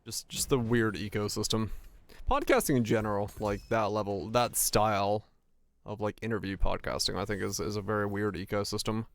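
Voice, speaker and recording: A man's voice: fairly low pitch, steady tone, normal speed, creaky, no echo. A young man chatting casually while gaming, rambling in a profane way with lots of stammered restarts. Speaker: streamer.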